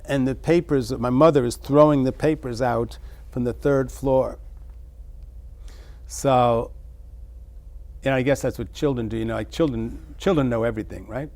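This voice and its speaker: Musing middle-aged man, halting. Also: mid-range voice, fairly even intonation, a little mellow. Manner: musing, halting, with many restarts. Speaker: interview guest. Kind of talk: reflective personal storytelling.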